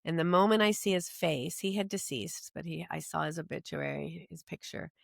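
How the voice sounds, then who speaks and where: A woman's voice: low voice, moderate pace, vocal fry, no room sound, clean studio sound. An older woman, a podcast guest, telling her story in an earnest way that tumbles along with many restarts. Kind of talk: personal storytelling in an interview.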